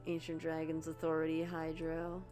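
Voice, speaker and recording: A woman streaming a game with a fairly low voice, chatting casually and gushing with excitement. She trips over her words and restarts often. Faint music plays behind her. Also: normal speed.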